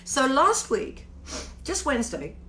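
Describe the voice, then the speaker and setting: A British woman singer hosting a casual home livestream, chatty and warm with viewers, greeting them by name and swearing playfully. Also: sits high, huge pitch swings, slow pace. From Britain.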